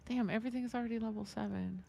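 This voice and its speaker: A woman's voice: a little high, fairly even intonation, quick pace, vocal fry, dark tone, a little hiss or hum. A woman chatting casually while streaming a game, telling stories and acting out the voices in her anecdotes. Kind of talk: casual gaming stream chat.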